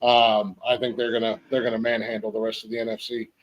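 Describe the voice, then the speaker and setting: A man's voice: fairly low pitch, flat delivery, fast talker, lo-fi sound. A man from Ohio hosting a casual football podcast, easygoing, with plenty of fillers. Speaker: podcast host. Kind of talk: casual sports chat.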